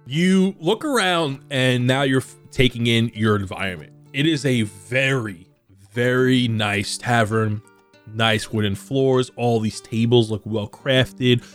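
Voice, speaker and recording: A man's voice: mid-range voice, measured pace. Young male game master, casual narration, light music bed. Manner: casual, descriptive, filler-heavy.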